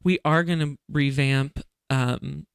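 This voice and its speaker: A man hosting a casual chat podcast, telling stories in an animated way and laughing often. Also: fairly high pitch, takes it slowly, creaky, clear, resonant tone, dry recording, clean studio sound. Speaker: podcast host.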